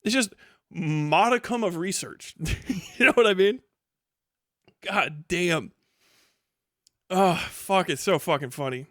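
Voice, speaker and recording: Excitable, high-voiced male streamer. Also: slow, pauses often, dry recording, studio quality. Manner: excitable, profane, laughs often. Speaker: live streamer. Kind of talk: casual stream commentary.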